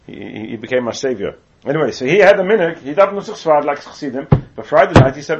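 A man from England gives a Talmudic lecture, reading Hebrew aloud, explaining it in English and adding asides. His mid-range voice is gravelly and expressive, and he talks fast with hardly any pauses. The muffled, lo-fi recording carries slight background noise.

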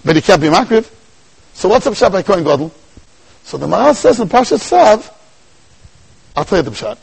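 Male Torah teacher, high and lively, husky edge, sing-song Talmudic lecture delivery. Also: low-quality recording. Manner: animated, sing-song study cadence; mixes Yiddish and Hebrew terms into English.

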